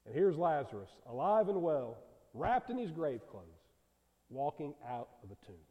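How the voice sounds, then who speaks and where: Earnest preacher guy, high animated voice, mellow tone, big echoey church. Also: normal speed, phone-quality sound. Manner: earnest, asks the congregation questions. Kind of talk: sermon. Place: church sanctuary. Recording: long hall reverb.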